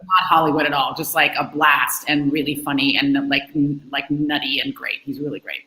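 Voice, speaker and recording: Bright, playful woman on an echoey video call. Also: sits low, steady tone, a little fast. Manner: playful, rambling and self-mocking. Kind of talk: casual video-call chat.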